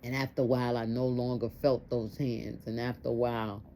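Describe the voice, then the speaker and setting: A woman's voice: very deep voice, little pitch movement, fairly quick, dark tone, slight background noise. A woman telling a personal testimony story in an earnest way, repeating phrases for emphasis.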